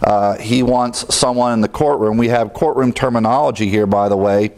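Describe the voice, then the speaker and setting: A man's voice: mid-range voice, steady tone, normal speed, a little mellow. A middle-aged man teaching verse by verse through a Bible book, conversational, with fillers and chuckles.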